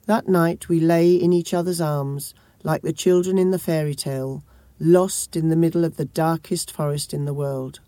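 Brief: woman audiobook narrator, measured grave delivery, mellow voice, dry close recording. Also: sits low, fairly even intonation, no echo. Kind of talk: first-person audiobook narration.

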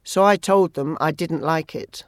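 An audiobook narrator who reads a first-person story in a steady, measured way. The voice sits in a middle pitch, recorded close up with no room echo.

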